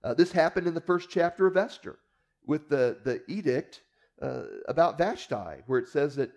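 A male preacher with a somewhat high but mellow, warm voice. He teaches in a relaxed storytelling way and keeps turning to the listeners with rhetorical asides. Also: moderate pace. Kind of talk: conversational Bible teaching.

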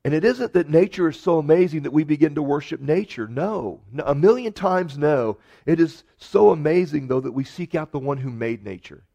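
A man preaching a sermon earnestly, rising to emphatic peaks and dropping to soft, quiet lines. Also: a little high, animated, moderate pace, creaky, hardly any pauses, dull audio. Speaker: pastor.

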